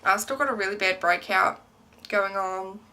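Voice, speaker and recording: A young woman vlogger gives a casual pregnancy update to camera, her mid-range voice bright and forceful at a normal speed. She rambles along, full of "um"s and "like"s.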